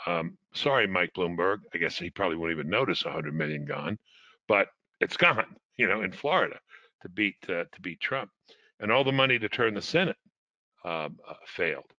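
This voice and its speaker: A man on a political panel speaking deliberately and hedging with frequent ums. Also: deep voice, expressive, sharp tone, dry recording. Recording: dry, muffled lo-fi audio.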